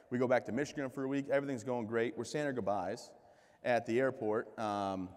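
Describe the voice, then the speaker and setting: Man telling joking stories in a hall. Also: medium pitch. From United States. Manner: joking, self-deprecating, lively quoted voices. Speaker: keynote speaker. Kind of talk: comedic storytelling speech. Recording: reverberant hall.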